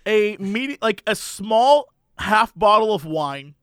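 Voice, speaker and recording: The recording is clean studio sound with no room sound, capturing a man's high, clear, resonant voice as he slowly tells a funny anecdote. It's casual storytelling, lively, with acted-out voices and frequent laughs.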